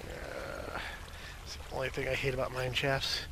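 A man's voice: mid-range voice, very animated, moderate pace, creaky, background noise. A man hosting a gaming video, chatting casually and goofily as he plays, with rambling jokey asides. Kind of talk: casual gameplay commentary.

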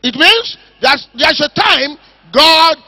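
High-pitched, shouting preacher man. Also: lively intonation, dry recording. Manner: shouting, emphatic, drawn-out repetitions. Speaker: pastor. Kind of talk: fiery preaching sermon. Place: church service.

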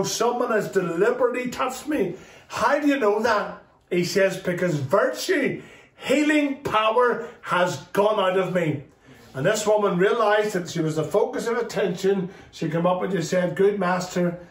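High-voiced man telling a Bible story. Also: distant mic. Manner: storytelling, quoting dialogue with lively shifts in pitch. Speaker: Sunday school teacher. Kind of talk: Bible story lesson for children. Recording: roomy, from off-mic.

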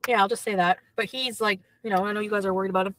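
A woman's voice: medium pitch, fairly even intonation, rapid-fire, fairly bright tone, a little hiss or hum, poor audio. A woman chatting casually on a livestream from her car, gossiping and reading out chat messages.

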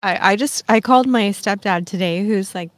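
A woman's voice: mid-range voice, moderate pace. A woman in her fifties talks casually on her own podcast, rambling from one thing to the next with plenty of fillers. She pokes fun at herself as she goes. Her voice sits in a mid register and sounds close and dry, with no room echo. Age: 50s. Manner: chatty and self-mocking, frequent fillers. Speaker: podcast host. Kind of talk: casual solo chat.

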